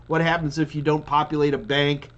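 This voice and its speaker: A muffled recording captures a man with a high-side, fairly bright voice, speaking a little fast in a level tone. He's an IT trainer hosting a live Q&A stream, reading out viewer questions and answering loosely with frequent restarts. He yawns over and over.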